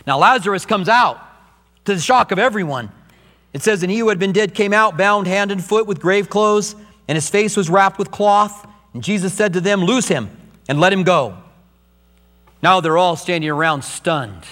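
Older pastor preaching in a reverberant hall. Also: male voice, high-pitched. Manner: animated preacher, acting out quoted voices. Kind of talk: sermon. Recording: long hall reverb, faint mains hum.

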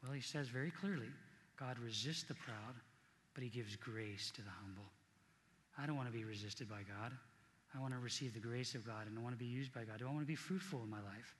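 A man's voice: mid-range voice, brisk, a bit bright, big-room sound. A middle-aged man preaching a sermon as pastor, earnest and conversational, repeating key points for emphasis.

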